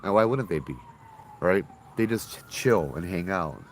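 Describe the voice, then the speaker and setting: A man, a ghost tour guide telling spooky stories in a casual, animated way with local slang. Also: sits low, moderate pace, slight background noise. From Hawaii.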